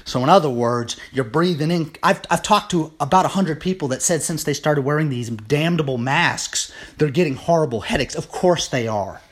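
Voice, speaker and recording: A man from the United States delivering a political rant on his vlog, rambling with many fillers and restarts and rising into indignant shouting. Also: fairly high pitch, lively intonation, normal speed, few pauses. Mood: furious. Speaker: political commentator.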